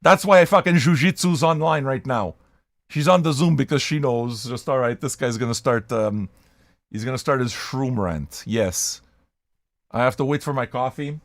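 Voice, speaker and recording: An older man hosting a casual show from his home basement, ranting loudly and profanely as he rambles to his audience. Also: mid-range voice, normal speed, dry recording. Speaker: host. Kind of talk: casual rant to a live audience.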